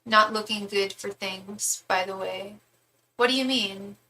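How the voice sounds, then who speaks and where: A woman's voice: mid-range voice, steady tone, a little slow, bright, forceful tone, slight background noise, poor audio. A woman who is a tarot reader, chatting casually and at length during a live-stream reading, with some swearing.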